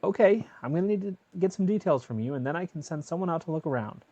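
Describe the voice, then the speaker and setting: A man voicing a calm male emergency dispatcher who asks steady, procedural questions over a phone call. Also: a little high, quick pace, no echo.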